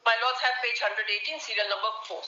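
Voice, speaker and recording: A woman's voice: a little high, a little fast, bright, forceful tone. A woman advocate, formally arguing a case before judges. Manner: formal, addresses the bench repeatedly. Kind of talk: courtroom argument. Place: courtroom. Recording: dull roomy courtroom audio.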